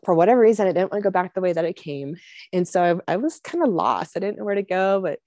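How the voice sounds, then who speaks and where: A woman's voice: on the low side, fast, no echo. Woman telling a faith story, dry sound. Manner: conversational and expressive, frequent "like" and "you know", laughs at herself. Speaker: speaker sharing a faith testimony. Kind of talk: personal storytelling talk.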